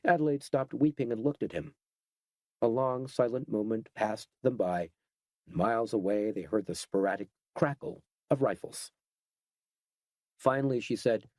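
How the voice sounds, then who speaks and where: A man giving steady, scripted narration of a horror audiobook. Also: mid-range voice, unhurried, dry recording.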